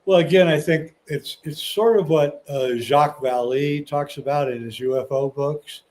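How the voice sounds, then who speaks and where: A male podcast guest, relaxed and casual, telling stories with plenty of ums and restarts. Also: on the high side, moderate pace, poor audio. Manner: relaxed storytelling with many fillers and restarts. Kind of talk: casual interview talk.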